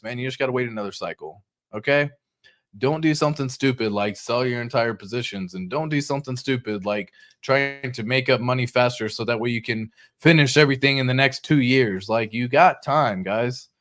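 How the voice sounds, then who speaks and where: A man hosting a casual crypto show, talking over charts in an excitable, slangy way. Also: medium pitch. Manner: excitable, chatty, slangy, laughs often. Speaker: crypto channel host.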